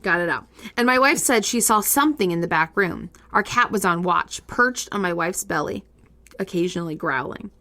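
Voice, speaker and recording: A woman co-hosting a casual podcast, reading listener ghost stories aloud with lively reactions and frequent laughs. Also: on the low side, moderate pace. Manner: animated, laughs often, reacts with disgust. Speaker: podcast co-host.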